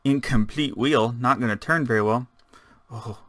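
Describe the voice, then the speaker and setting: A man's voice: medium pitch, moderate pace, a bit bright, dry recording. A man giving rambling, casual let's-play commentary, chatting and muttering to himself as he builds. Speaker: gaming channel host.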